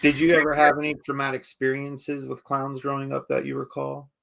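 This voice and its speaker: A man's voice: mid-range voice, completely flat delivery, fairly quick, gravelly, a bit bright. A man co-hosting a podcast, chatting casually in a laid-back, rambling way with lots of filler phrases. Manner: laid-back, rambling, says "you know what I mean". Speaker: podcast co-host. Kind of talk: casual chat.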